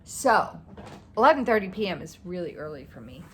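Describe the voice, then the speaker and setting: A woman vlogger chatting casually about her stitching projects, rambling and excitable, tired and yawning at times. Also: lowish voice, a little fast, slight background noise. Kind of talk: casual show-and-tell chat.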